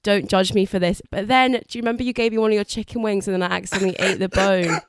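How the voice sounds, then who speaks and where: A woman's voice: mid-range voice, racing, noisy background. A woman with an English accent, hosting a podcast and chatting in a self-deprecating, giggly way. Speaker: podcast host, comedian. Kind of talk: casual podcast chat.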